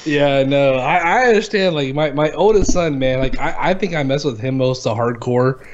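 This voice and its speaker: A man's voice: medium pitch, moderate pace, lo-fi sound, background noise. Rambling, cursing man on a live show. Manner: swears a lot, rambling and laughing. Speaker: co-host of a live gaming show. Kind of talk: casual chat.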